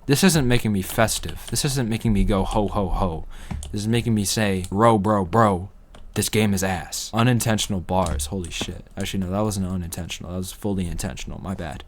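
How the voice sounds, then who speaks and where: A man's voice: deep voice, brisk, a little hiss or hum. Rambling young man joking over gameplay. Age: young adult. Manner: rambling, absurd deadpan jokes. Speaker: gaming commentator. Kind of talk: casual gameplay commentary. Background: faint keyboard clicks.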